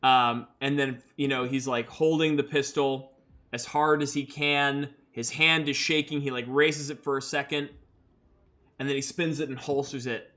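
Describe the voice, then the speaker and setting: A man's voice: mid-range voice, steady tone, moderate pace, sharp tone. A young man narrating a solo tabletop game as game master, talking casually with many fillers. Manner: casual, filler-heavy storytelling.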